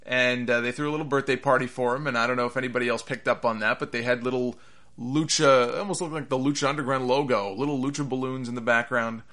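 A man hosting a casual wrestling review, talking in a chatty, animated way and laughing at the absurd moments. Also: medium pitch, quick pace. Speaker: wrestling podcast host.

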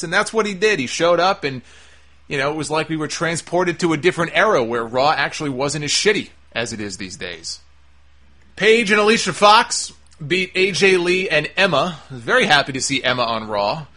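A man with a fairly high, bright voice talks through a wrestling show in a loose, casual monologue. He sounds opinionated and sarcastic, and he swears without holding back. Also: expressive, fairly quick.

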